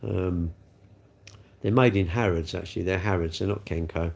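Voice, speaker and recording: A man's voice: sits low, steady tone, moderate pace, creaky, darkish tone, slightly rough. A middle-aged man from England with an English accent, chatting casually on a livestream, rambling and poking fun at himself as he reads out comments. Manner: rambling, chatty, self-mocking. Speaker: livestream host.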